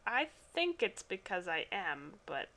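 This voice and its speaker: A woman's voice: mid-range voice, very animated, unhurried, bright, forceful tone, slight background noise. A woman commenting casually on a game she plays, sarcastic and profane. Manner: sarcastic, profane, drawling asides. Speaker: game streamer.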